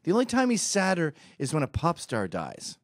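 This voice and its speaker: A man's voice: a little high, huge pitch swings, normal speed, no echo, studio quality. A man from Britain giving a sarcastic, mocking comedic rant over a video clip. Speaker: commentator.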